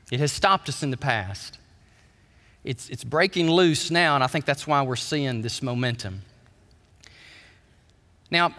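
A man preaching a sermon as pastor, animated, dropping low and soft and then climbing high and loud. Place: church sanctuary. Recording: church hall reverb.

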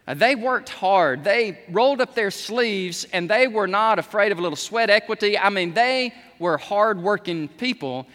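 A man's voice: high voice, expressive, moderate pace, hardly any pauses. A man, preaching a sermon with emphatic peaks on key words. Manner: emphatic, rising to near shouts on key words. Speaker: pastor. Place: church sanctuary. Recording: long reverb of a large hall.

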